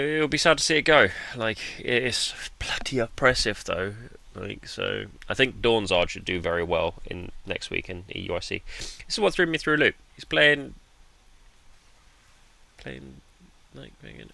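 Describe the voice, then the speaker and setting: Gravelly low-voiced man. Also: brisk, hardly any pauses, bright, forceful tone, no room sound. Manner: laid-back and self-deprecating, with mild swearing. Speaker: card game player commentating his match. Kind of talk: casual gameplay commentary.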